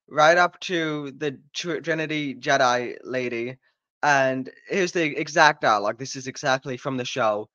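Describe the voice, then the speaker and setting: A man's voice: a little high, pushed and bright, dry recording, muffled recording. A man ranting in a sarcastic, exasperated and profane way while reviewing a show. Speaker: video reviewer.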